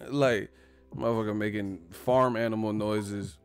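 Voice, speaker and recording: Profane, animated man ranting. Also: mid-range voice, a little slow, no echo, soft background music. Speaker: video host. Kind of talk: casual comedic rant.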